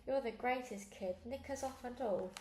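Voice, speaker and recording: A woman's voice: mid-range voice, normal speed, creaky, mellow, reverberant, slight background noise, natural voice, poor audio. A woman reading aloud, voicing a brash boy who taunts and chants at another child. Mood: jeering. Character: brash, jeering boy bully.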